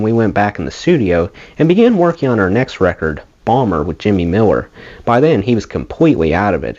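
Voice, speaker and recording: Guy reading a rock memoir out loud, low voice, laid back storytelling, dull lo-fi sound. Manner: casual storytelling read. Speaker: audiobook reader. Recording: dull lo-fi home recording.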